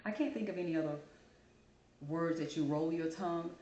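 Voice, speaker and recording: A woman with a lowish voice talks straight to her camera in a casual, animated way, telling a personal story. Her voice carries a noticeable echo from the room around her. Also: a little fast, muffled recording. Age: adult. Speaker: channel host. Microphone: camera mic. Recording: roomy echo.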